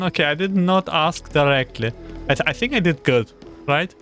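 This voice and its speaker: A man's voice: a little high, moderate pace, fairly bright tone. A young man streaming a game, reading text aloud and muttering anxious reactions. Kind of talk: game playthrough commentary. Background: game music.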